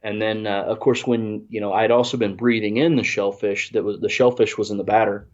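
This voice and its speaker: Low-voiced man, rambling story. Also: little pitch movement, a little fast. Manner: rambling, self-deprecating, many restarts. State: congested. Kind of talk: casual storytelling. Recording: dull lo-fi audio.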